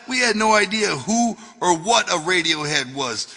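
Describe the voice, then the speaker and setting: A man reads his own memoir aloud in a profane, wisecracking storytelling voice. His tone is bright and forceful and sits a little high. A long reverb trails after him. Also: animated, moderate pace, vocal fry. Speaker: author reading his memoir. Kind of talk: audiobook narration of memoir.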